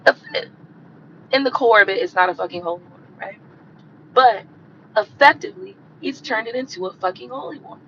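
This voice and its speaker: A woman hosting a live stream who rants bluntly and profanely and repeats herself for emphasis, her voice hoarse and coughing from a cold. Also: medium pitch, moderate pace, a bit bright, muffled recording, slight background noise. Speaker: tarot reader hosting a livestream.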